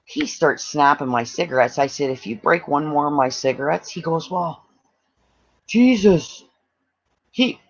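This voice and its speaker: A man's voice: fairly high pitch, moderate pace, vocal fry, hardly any pauses. A man from Canada telling a long personal story in casual chat, acting out what others said. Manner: animated, acts out quoted voices. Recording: dull lo-fi audio.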